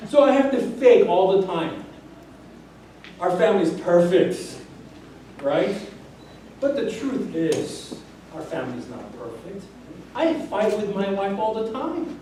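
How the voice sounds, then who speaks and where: A middle-aged pastor delivers a sermon, full of family stories in which he acts out what his wife and children say and laughs often. His voice sits high for a man. He is heard from a distance in a very echoey church hall with faint ambience underneath. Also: sing-song, slow pace, long pauses, mellow, slight background noise. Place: church sanctuary.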